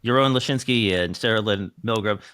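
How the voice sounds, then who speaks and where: A man's voice: fairly low pitch, brisk, a bit bright, clean tone, dry recording. A man hosting a casual political podcast, sarcastic and jokey, swearing freely. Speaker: podcast host.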